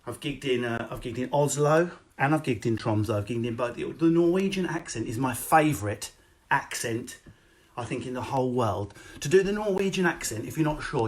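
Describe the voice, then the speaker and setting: A man doing a live stand-up set streamed online, ranting loudly and swearing, then dropping to mutters. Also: medium pitch, lively intonation. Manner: loud, sweary, rapid comic rant with sudden drops to mutters. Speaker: stand-up comedian. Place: at home, no audience.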